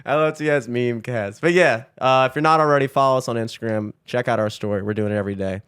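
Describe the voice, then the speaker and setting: A man's voice: mid-range voice, quick pace, a bit bright, smooth, no room sound, clean studio sound. A young man co-hosting a podcast, chatting casually in a loose, joking, profane way. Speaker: podcast co-host. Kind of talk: casual chat.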